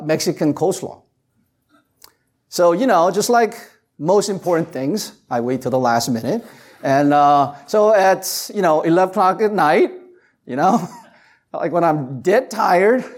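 A pastor giving a casual, story-driven sermon, leaning on "you know" and swinging from loud to hushed. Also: mid-range voice, animated, a little slow, long pauses. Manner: chatty, anecdotal, heavy on "you know". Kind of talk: conversational sermon.

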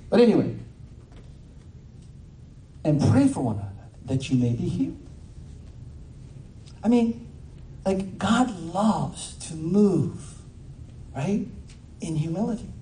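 Mellow-voiced preacher in an echoey hall. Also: male voice, a little high, big pitch swings, unhurried, pauses often, a little hiss or hum. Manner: casual, filler-heavy preaching that swells into fervent cries. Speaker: pastor. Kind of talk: sermon. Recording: roomy echo, distant mic.

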